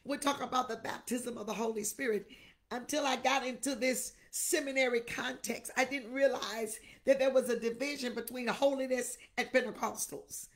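A middle-aged woman bishop preaching a Pentecostal sermon, crying out in tongues, shouting and weeping, then dropping to a whispered appeal. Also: a little high, steady tone, moderate pace. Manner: drops to intimate whispered exhortation.

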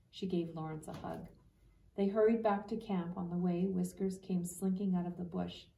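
A woman reading a children's book aloud at a steady storybook pace. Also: lowish voice, normal speed, creaky. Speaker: reader. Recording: echoey room, distant mic.

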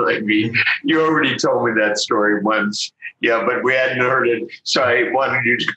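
A man's voice: medium pitch, fairly even intonation, normal speed, bright, forceful tone. An older man co-hosting, chatting playfully and signing off the show. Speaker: co-host. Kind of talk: casual chat and show sign-off. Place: home, speaking remotely. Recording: roomy, dull lo-fi call with faint noise.

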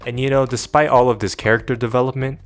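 A man's voice: medium pitch, flat delivery, fast, music in the background. A man narrating a comedic gaming commentary, ranting with lots of profanity and sarcasm.

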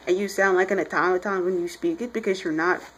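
A woman's voice: on the low side, steady tone, fast, fairly bright tone, slight background noise, poor audio. A young woman reviewing a comic book in casual chat, rambling and chatty as she retells scenes.

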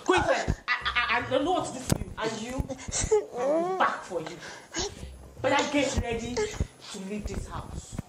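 A woman's voice: fairly high pitch, sing-song, normal speed, noisy background. A woman with a Nigerian accent playing a fiery young wife who shrilly scolds her husband in a comedy skit. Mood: grumbling. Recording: echoey room with music playing.

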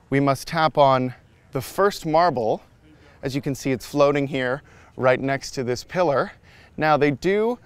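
A playful man hosts a casual walking vlog out on a park trail. His voice sits a little high, and he hams it up as he talks straight to the viewers. Faint music plays behind him. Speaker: app demo host.

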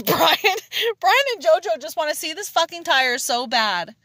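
Sitting in a car on a rainy night, a woman live-streams into the phone she holds, chatting casually, joking, swearing and laughing often in an excitable way. Her voice is high-pitched and her pace measured.

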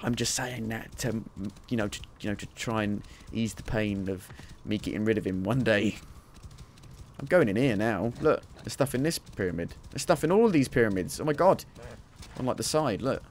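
A man's voice: lowish voice, lively intonation, normal speed, slight background noise. Chatty man streaming a game. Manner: chatty, jokey, talks to himself while playing. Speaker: gamer streaming his playthrough. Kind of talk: casual game commentary.

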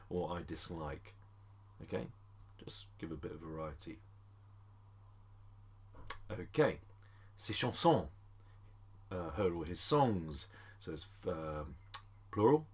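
Low husky-voiced male French teacher. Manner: chatty, addresses class as ladies and gents; slows down to spell out French phrases. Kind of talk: screen-recorded language lesson.

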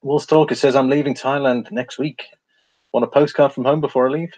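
A man's voice: mid-range voice, steady tone, a little fast, a little mellow, no room sound. A man hosting a casual live stream, reading viewer comments aloud and talking through price charts, laughing often.

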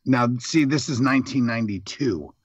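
A man's voice: mid-range voice, animated, moderate pace, breathy edge, no echo, lo-fi sound. A middle-aged man, a Marine veteran guest, telling rambling, profane stories in casual chat.

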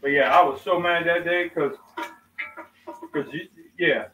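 A man's voice: a little high, steady tone, unhurried, highs cut off, a little hiss or hum. A middle-aged man hosting a cooking chat, telling a story animatedly and acting out quoted exchanges. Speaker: host of a cooking channel. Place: outdoors at a cookout. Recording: echoey, distant mic, faint ambience.

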